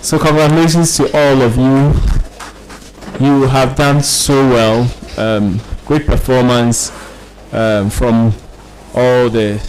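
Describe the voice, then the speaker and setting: A middle-aged man calling out words and giving feedback at a spelling contest, speaking slowly with many ums. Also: medium pitch, a little mellow, low-quality recording. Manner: hesitant speech with many ums. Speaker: spelling contest pronouncer and judge. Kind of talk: reading out words, then closing remarks.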